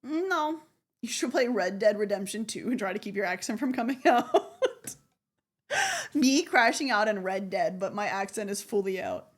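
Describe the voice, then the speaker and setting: A woman's voice: medium pitch, normal speed. A young woman streamer chatting casually and playfully, giggling and repeating words to test how she says them. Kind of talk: casual live-stream chat.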